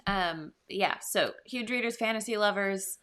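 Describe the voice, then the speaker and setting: Soft-spoken young woman, hesitant. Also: mid-range voice, measured pace. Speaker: YouTube channel co-host. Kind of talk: casual chat.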